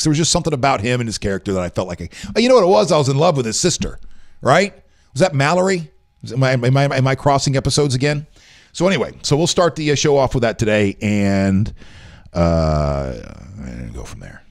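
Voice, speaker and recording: A middle-aged man hosting a casual live stream, rambling and chatting with viewers in a tired, weak voice after a late night. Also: medium pitch. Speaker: live show host. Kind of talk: casual livestream chat.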